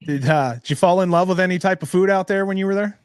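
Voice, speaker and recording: A man's voice: high voice, quick pace, smooth, no room sound, clean studio sound. A man hosting a casual interview, asking loose questions and laughing easily. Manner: relaxed, laughs often, asks loose questions. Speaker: interviewer, host.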